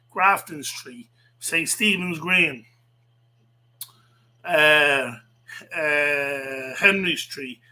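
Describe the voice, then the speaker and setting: A man in casual solo chat as a radio host, rambling and halting as he thinks aloud. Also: on the high side, pushed and bright.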